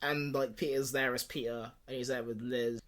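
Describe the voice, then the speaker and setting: A man co-hosting a podcast in casual chat, pitching a movie plot and acting out characters in quick voices, laughing often. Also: flat delivery, fairly bright tone. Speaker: podcast co-host.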